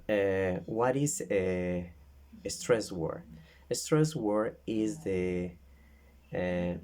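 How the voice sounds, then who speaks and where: A man explains a classroom method at an unhurried, careful pace. His voice sits deep and low, and he stops often on fillers and restarts before going on. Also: a little mellow. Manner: halting, with many fillers and restarts. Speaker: English teacher.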